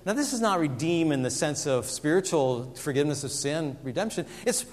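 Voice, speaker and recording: A man preaching a sermon, animated and dramatic, acting out the voices he quotes. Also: on the high side, fairly quick, long reverb tail. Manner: animated, acts out quoted voices with big swings. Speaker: pastor.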